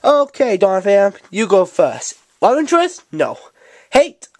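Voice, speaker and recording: A woman's voice: medium pitch, very animated, unhurried, a little mellow, no echo. Meowth, a bossy cat talk-show host, as a woman voices him. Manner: bossy, impatient, sarcastic. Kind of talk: playful toy-show role-play. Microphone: handheld camcorder mic.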